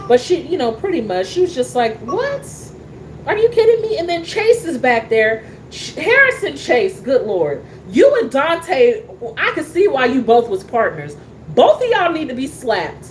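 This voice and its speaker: A woman talks in a casual show, animated and sassy, full of fillers and restarts. Her voice sits a little high. A faint hum of room noise stays under it. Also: low-quality recording. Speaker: soap opera talk show host. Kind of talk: casual chat reacting to a soap opera.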